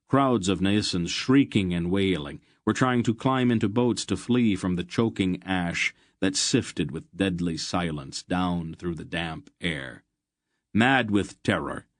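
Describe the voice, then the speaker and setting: Low-voiced guy reading a fantasy audiobook, dry close sound. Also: dry recording. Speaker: audiobook narrator. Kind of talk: scripted fantasy narration.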